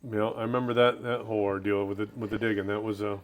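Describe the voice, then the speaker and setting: A man's voice: on the low side, level tone, fast talker. A man, a grandson in the family, reminiscing in a casual conversation and laughing along. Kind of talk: casual chat.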